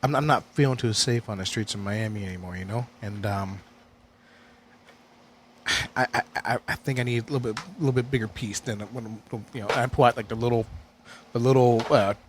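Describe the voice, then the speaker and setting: A man voicing a nervous male undercover cop in a tabletop game, halting and stammering as he talks. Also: medium pitch, a little hiss or hum, lightly acted. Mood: uneasy.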